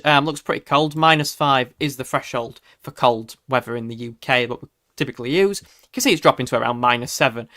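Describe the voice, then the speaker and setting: A man's voice: a little high, sharp tone, dry recording, clean studio sound. A man hosting a casual live weather stream, chatty and hesitant with many fillers, laughing easily as he reads the chat. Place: home room.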